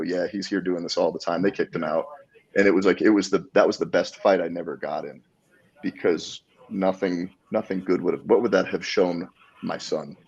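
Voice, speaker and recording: A man talking casually as a podcast guest, an animated storyteller who acts out the people he quotes. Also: low voice, gravelly, slightly rough, dull audio. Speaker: guest, jiu-jitsu black belt.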